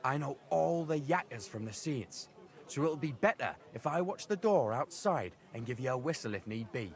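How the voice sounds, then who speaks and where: An actor voicing a cheeky young village prankster with a Northern English accent, talking in brash, animated dialect. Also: male voice, medium pitch, moderate pace, creaky. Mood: mischievous.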